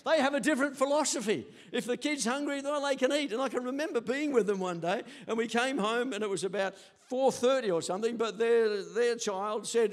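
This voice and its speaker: A man's voice: extremely high pitch, a little fast. An older man preaching a sermon as pastor, telling stories animatedly and acting out quotes. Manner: animated storytelling with acted quotes.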